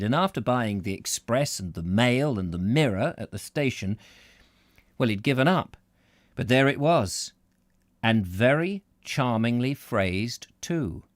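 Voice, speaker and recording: A man narrating a novel in a live reading, expressive and unhurried, now and then stumbling and restarting a word. His pitch moves widely through each sentence. The sound is close to the mic and dry. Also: dry recording. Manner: expressive, occasional slips and restarts. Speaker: book reader, host.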